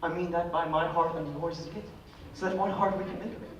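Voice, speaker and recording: A man playing an ardent, smooth-talking young lover in a live school stage play, with an earnest, declamatory delivery. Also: on the high side, fairly even intonation, fairly quick, highs cut off, slight background noise, natural voice. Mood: coaxing. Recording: echoey hall from far off.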